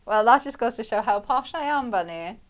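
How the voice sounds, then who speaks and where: A woman's voice: on the high side, lively intonation, brisk. A young woman presenting a live craft demonstration on shopping TV. She talks in a chatty, rambling way and laughs often.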